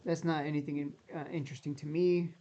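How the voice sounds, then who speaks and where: A stock market YouTuber offers casual, skeptical commentary in a voice on the high side, level and mellow, speaking fast. He repeats himself and strains his voice, which is close to giving out.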